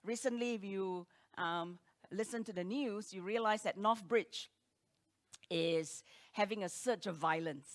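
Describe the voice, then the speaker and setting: Speaking at an unhurried pace in a medium-pitched voice, a woman preaches a sermon with emphasis and rhetorical questions. She swings between loud declarations and hushed asides.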